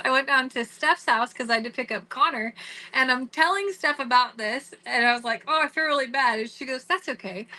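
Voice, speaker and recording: A middle-aged woman vlogging in a casual, rambling way. Her voice sits high and sounds bright and clear, and she keeps stopping to restart a thought or quote what someone said. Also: low-quality recording. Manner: chatty, many "like"s and restarts, quotes others. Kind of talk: casual storytelling to camera.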